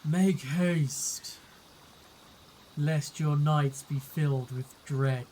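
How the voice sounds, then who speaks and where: A man voicing an eerie undead man risen from a river, speaking slowly and ominously. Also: a little high, dark tone, a little hiss or hum, low-quality recording.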